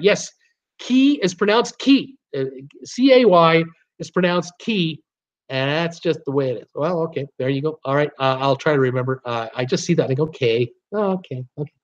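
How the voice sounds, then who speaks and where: Man, livestream host, casual chatty delivery, fairly high voice, dull lo-fi audio. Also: brisk. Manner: chatty, stumbles over names. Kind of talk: casual livestream, reading viewer comments.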